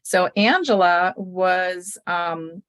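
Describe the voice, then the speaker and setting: A woman hosting a casual chat, telling customer stories with lively retold quotes. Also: lowish voice, extremely slow, clear, resonant tone, dry recording. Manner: animated storytelling, retells others' words.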